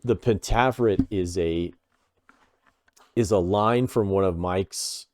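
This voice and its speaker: Male podcast co-host, very deep, dry close mic, rambling filler-heavy storyteller. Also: slow pace, a little mellow, dry recording. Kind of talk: casual chat.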